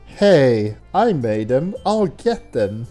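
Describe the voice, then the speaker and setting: A man's voice: mid-range voice, very animated, takes it slowly, warm tone, soft background music. A man voicing a grumpy, snappy small schoolgirl while reading a game's dialogue aloud. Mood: indignant. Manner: snappy, bossy. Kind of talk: reading game dialogue in voices.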